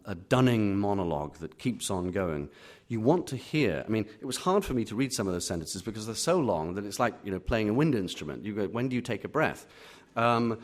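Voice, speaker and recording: A middle-aged Englishman, a literary critic answering audience questions at a live reading, full of pauses and restarts. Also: on the low side. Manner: hesitant, many fillers and restarts. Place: auditorium.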